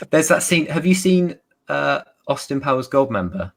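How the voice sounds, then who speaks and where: A man's voice: a little high, creaky. A British man, a guest author on a video call, explaining things in a chatty way with examples. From United Kingdom. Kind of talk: casual video chat.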